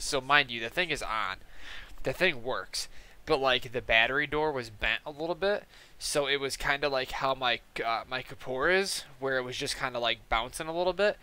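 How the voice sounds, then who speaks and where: A man's voice: medium pitch, moderate pace, sharp tone, clear, resonant tone. A man streaming a game and rambling through a funny anecdote, full of fillers. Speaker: gaming streamer. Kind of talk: casual storytelling while gaming.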